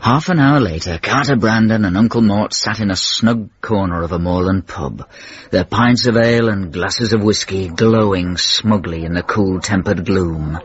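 A man's voice: on the low side, moderate pace, slightly rough. A man narrating a radio comedy drama in a dry, wry storytelling manner. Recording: muffled old radio.

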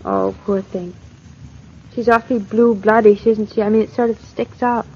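An actress playing a new wife, chatty and a little nervous, in vintage film dialogue on dull lo-fi audio. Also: female voice, medium pitch, fairly even intonation, normal speed, darkish tone, slight background noise, natural voice.

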